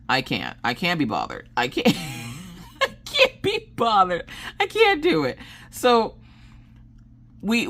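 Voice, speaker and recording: Very low-voiced woman, lively storyteller. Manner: animated, acts out quoted dialogue with big pitch jumps; laughs through her stories. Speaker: craft channel host. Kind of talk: casual chat storytelling.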